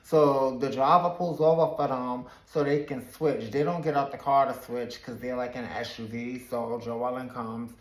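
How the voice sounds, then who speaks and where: A man's voice: mid-range voice, fairly even intonation, moderate pace, few pauses. A man casually recapping a reality show, chatty and slangy, retelling scenes with plenty of sass. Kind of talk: casual commentary. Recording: echoey room.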